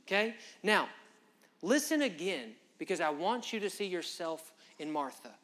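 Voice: mid-range voice, sing-song, normal speed, fairly bright tone. A preacher delivers a sermon at a church service in an impassioned, conversational way. The phrasing is folksy and direct, and the preacher speaks straight to the listeners. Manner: impassioned, direct address to the congregation.

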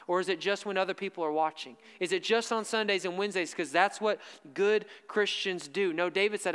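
A preacher delivers a sermon in a high, smooth, resonant voice with a fairly bright tone, repeating key lines slowly and firmly for emphasis. A long reverb trails his voice, as if he's in a large church hall.

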